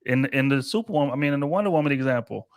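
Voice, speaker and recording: A man's voice: mid-range voice, animated, racing, clean tone, no echo, studio quality. A married man co-hosting a casual panel discussion, talking in a loose, rambling way with casual profanity. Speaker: podcast co-host.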